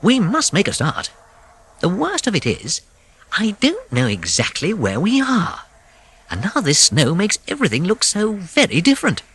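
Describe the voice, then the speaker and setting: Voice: mid-range voice, wildly swooping pitch, moderate pace, a bit bright, a little hiss or hum, voice pushed up. A narrator voicing a brave, good-natured male water rat in a storybook reading, speaking in a kindly, soothing, practical way.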